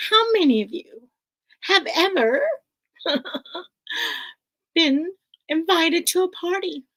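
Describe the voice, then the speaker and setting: A woman teacher reading a picture book aloud to children, playful and animated, often dropping into whispers. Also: sits high.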